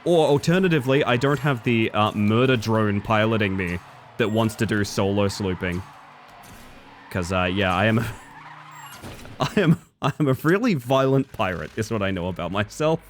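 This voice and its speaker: A man's voice: fairly low pitch, animated, normal speed, a little hiss or hum. An Australian man chatting casually with his viewers while he plays a game, muttering to himself and breaking into sudden exclamations. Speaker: streamer. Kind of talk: casual live-stream chat while gaming.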